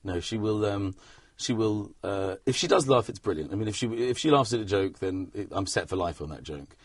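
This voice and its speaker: Rambling self-deprecating man, husky. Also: lowish voice, expressive, a little fast, dry recording. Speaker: comedian guest. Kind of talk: casual interview chat.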